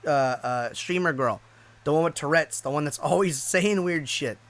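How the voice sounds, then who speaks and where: A man's voice: fairly high pitch, moderate pace, fairly bright tone. A man casually telling a personal story, rambling and profane, with lots of restarts. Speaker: YouTube streamer.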